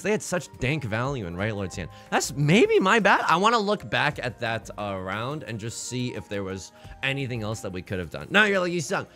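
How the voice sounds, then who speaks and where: A man casually commentates his own gameplay and jokes as he reasons through each move. His voice is bright and very lively, with wide pitch swings. Faint music plays underneath. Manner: excitable, jokey, thinking aloud. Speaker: let's play host.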